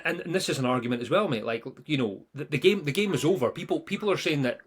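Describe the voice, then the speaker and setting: A young Scottish man hosting a live football podcast, talking in a loose, animated way. He laughs often and slips into quick impressions of players and pundits as he argues his point. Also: on the high side, breathy edge. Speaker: podcast co-host. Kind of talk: casual football chat.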